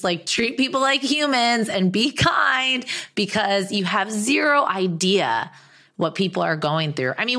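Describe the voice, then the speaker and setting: A young adult woman, a podcast guest, telling a story in an excited, rambling way full of fillers. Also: medium pitch. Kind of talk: casual chat.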